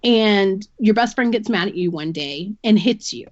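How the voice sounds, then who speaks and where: A woman's voice: mid-range voice, lively intonation, normal speed, darkish tone, no echo, lo-fi sound. A woman guest on a podcast, giving a candid personal account and explaining things earnestly through long analogies.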